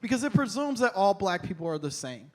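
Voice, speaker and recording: Animated male stand-up comedian, higher voice. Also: fairly quick. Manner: animated, conversational storytelling. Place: stage.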